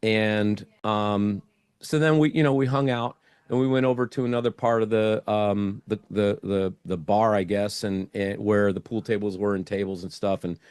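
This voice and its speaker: A man's voice: on the low side, steady tone, moderate pace, a little mellow, clear, resonant tone, dry recording. A middle-aged man, a guest in an interview, telling a casual story and acting out his own thoughts as he goes.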